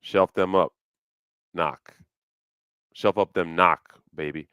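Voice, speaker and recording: A man's voice: low voice, fairly even intonation, takes it slowly, bright, forceful tone, smooth, dry recording, muffled recording. A man hosting a casual livestream chat, rambling loosely with plenty of swearing and fillers. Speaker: livestream host. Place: home, New York City.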